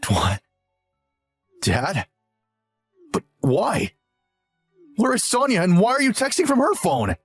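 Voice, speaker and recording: A smug, selfish young husband talks down and whines in a lively, swinging voice. A man acts him out while reading the story. Faint music sits under the reading. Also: mid-range voice, normal speed, long pauses. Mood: panicked. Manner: condescending, whiny and scolding. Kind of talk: scripted story narration.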